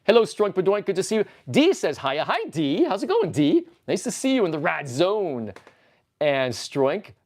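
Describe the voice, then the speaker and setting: A man's voice: high-pitched, wildly swooping pitch, moderate pace, darkish tone. A man hosting a casual livestream from a toy-filled room, rambling goofily and reading the chat aloud. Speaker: livestream host.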